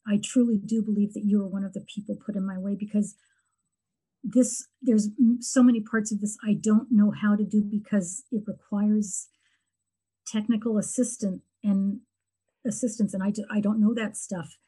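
A middle-aged woman talking earnestly and reflectively in a heartfelt conversation, often pausing and restarting. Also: medium pitch, fairly even intonation, mellow, breathy edge, poor audio. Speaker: guest sharing her grief story.

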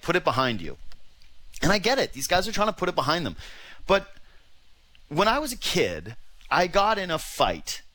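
A man's voice: fairly high pitch, sharp tone, dry recording. A man hosting a sports radio podcast, talking casually and ranting in exasperation, with the odd swear.

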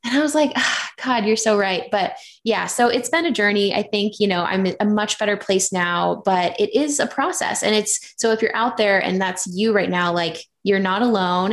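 A woman in her thirties talking openly in a casual conversation, chatty and animated when she retells things. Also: mid-range voice.

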